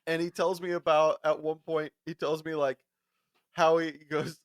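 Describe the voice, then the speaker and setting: A man's voice: fairly high pitch, level tone, normal speed, no room sound, studio quality. A man co-hosting a podcast, telling a story in a casual, profane way and laughing often. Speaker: podcast co-host.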